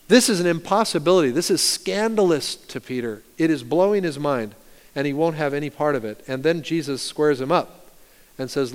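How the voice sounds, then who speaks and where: Male pastor, sermon, animated storytelling, clear resonant tone, long hall reverb. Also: medium pitch, normal speed. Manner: animated storytelling, rising loud and dropping soft. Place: church sanctuary.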